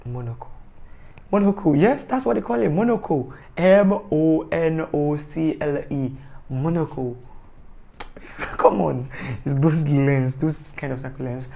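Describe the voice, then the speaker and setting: A man's voice: a little high, gravelly, a little mellow. A man giving a casual, rambling, joking review of a TV series, often correcting himself. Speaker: TV show reviewer.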